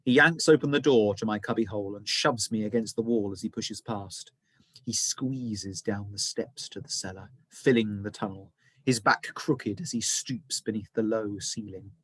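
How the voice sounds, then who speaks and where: A male teacher reading a children's novel aloud, with expressive, dramatic storytelling. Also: lowish voice, normal speed, husky, no room sound.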